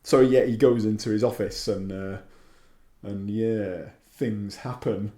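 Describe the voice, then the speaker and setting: A man's voice: fairly low pitch, steady tone, measured pace, warm tone. Chatty man. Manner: chatty, acts out quotes in put-on voices. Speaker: podcast co-host. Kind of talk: casual chat.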